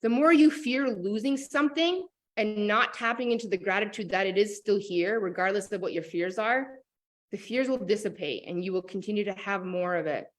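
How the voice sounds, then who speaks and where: A woman speaks in a casual, animated coaching talk, her voice sitting at an everyday middle pitch. She peppers her lines with fillers and restarts as she urges listeners on. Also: moderate pace. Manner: animated, lots of fillers like "like" and "oh my God". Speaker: business and manifestation coach.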